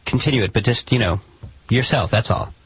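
Fast, very raspy-voiced halting man. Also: medium pitch, dry recording, low-quality recording. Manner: halting, repeats words, gently insistent. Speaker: producer recording a story. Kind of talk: comedic sketch dialogue.

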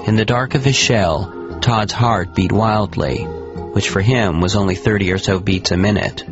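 A man narrating a scripted story on the radio in a calm, measured way. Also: fairly low pitch. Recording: muffled radio broadcast with music.

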